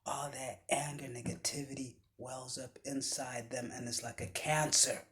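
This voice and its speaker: A man giving a motivational speech with a preaching cadence, often dropping his voice to a hushed whisper for emphasis. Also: mid-range voice, little pitch movement, moderate pace. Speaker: motivational speaker.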